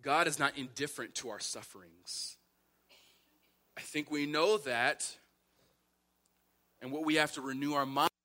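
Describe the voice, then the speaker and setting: Bright-voiced man preaching a sermon. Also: medium pitch. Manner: builds to impassioned, rising emphasis; repeats phrases for emphasis. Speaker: pastor.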